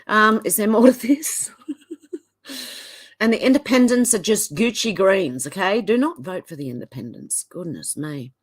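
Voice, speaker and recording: A woman's voice: animated, husky. A woman with an Australian accent, giving casual commentary and reading posts aloud. She sounds indignant and sarcastic. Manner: indignant and sarcastic, quick swings in pitch. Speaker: commentary vlogger.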